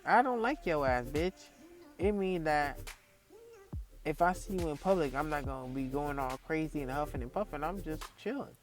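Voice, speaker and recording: A man's voice: fairly high pitch, expressive, moderate pace. A man in his early thirties ranting casually to camera, telling a heated story full of profanity and repetition, with faint music behind him. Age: early 30s. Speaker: vlogger.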